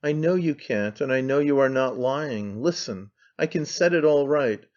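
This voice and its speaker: A man's voice: medium pitch, lively intonation, moderate pace, close to an everyday voice. A man reading an audiobook voices a frantic, impassioned man who pleads and accuses with intensity. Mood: urging. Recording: slightly dull lo-fi sound.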